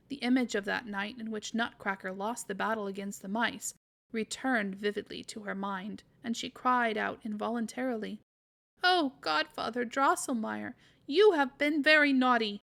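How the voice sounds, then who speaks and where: Creaky-voiced woman reading a story aloud. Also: medium pitch, fairly even intonation, moderate pace, fairly bright tone. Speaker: podcast storyteller.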